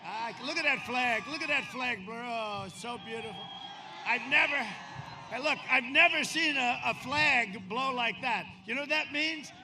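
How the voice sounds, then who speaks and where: A man in his seventies giving a rambling, boastful campaign rally speech outdoors, swinging from shouting to quieter confiding asides. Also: very high voice, unhurried. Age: 70s. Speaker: politician speaking at a campaign rally. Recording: outdoor rally PA with crowd noise. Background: crowd ambience.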